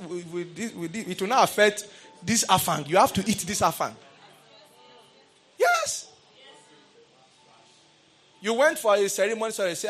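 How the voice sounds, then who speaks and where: A high-pitched man preaching to a congregation. He swings between soft, confiding asides and loud, ringing exclamations. He keeps calling out to the listeners for a response. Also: animated, normal speed, pauses often. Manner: calls out to the congregation. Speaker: pastor. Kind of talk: sermon.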